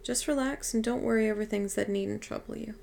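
A woman reading aloud, voicing a cheerful, eccentric old otherworldly woman who chats briskly and soothingly. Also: fairly high pitch, steady tone, creaky, darkish tone. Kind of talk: audiobook reading.

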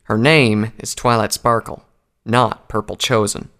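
A folksy, plain-spoken farm mare soldier, played by a male narrator in a storybook reading. She is blunt and loyal, with a gravelly rasp running through the voice. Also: mid-range voice, fairly quick, a bit bright, lightly acted. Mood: indignant. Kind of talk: audiobook character voice.

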